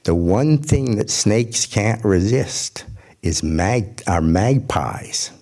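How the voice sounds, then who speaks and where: A man's voice: on the low side, animated, takes it slowly, gravelly, mellow, exaggerated voice. A man voicing the smallest elf in a told folk tale, speaking eagerly and matter-of-factly.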